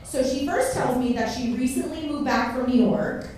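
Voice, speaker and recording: A woman's voice: high voice, moderate pace, a little mellow. A woman from Miami doing a crude stand-up set in a comedy club, laughing at her own jokes. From Miami, Kendall. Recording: echoey club from far off, noisy.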